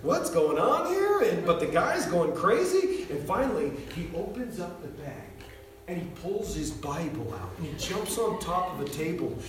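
Brief: American male preacher, animated storyteller, high voice, recorded from a distance in a roomy hall. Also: normal speed, a little hiss or hum. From United States. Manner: animated storyteller, shouts when acting out quotes. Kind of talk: sermon with personal story.

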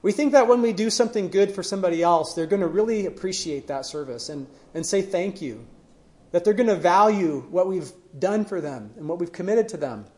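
Male pastor, sermon, earnest, high voice, emphatic questions. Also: lively intonation, fairly quick, a little mellow.

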